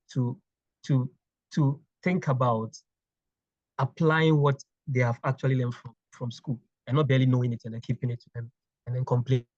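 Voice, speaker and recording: Man from Ghana, interview guest, halting and repetitive delivery, mid pitch, dry muffled remote audio. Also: darkish tone, dry recording. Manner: halting, repeats words while thinking. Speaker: clinical engineering manager, guest. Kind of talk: interview conversation.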